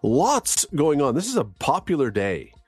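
A man's voice: fairly high pitch, huge pitch swings, a little slow, darkish tone, slightly rough, no echo, soft background music. A man hosting a radio segment, reading news and on-this-day trivia in a casual, chatty way with wry asides. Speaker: radio host.

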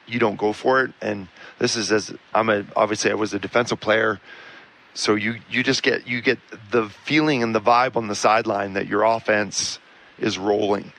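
A former defensive football player talking football in an animated, emphatic way on a sports talk show. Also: male voice, on the low side, low-quality recording.

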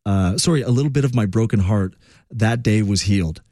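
A man's voice: lowish voice, a little fast, dark tone, dry recording, clean studio sound. A man hosting a talk radio show, telling a story in a chatty, emphatic monologue.

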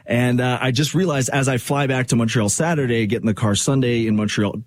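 A man's voice: mid-range voice, fast, hardly any pauses, no echo. A man hosting a radio talk show, speaking in an earnest, reflective monologue that rambles with fillers. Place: radio studio.

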